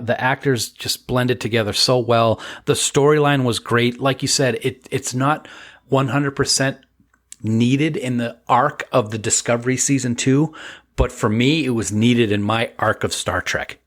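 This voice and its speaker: A man's voice: medium pitch, measured pace, a bit bright. A man co-hosting a casual podcast chat, joking around and rambling with restarts. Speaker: podcast co-host.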